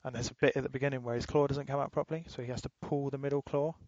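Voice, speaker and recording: Casting note: man, podcast co-host, loose swearing chatter, flat tone, dry close sound. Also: mid-range voice, racing, dry recording, muffled recording. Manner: rambling, swears freely, laughs while retelling. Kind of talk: casual chat.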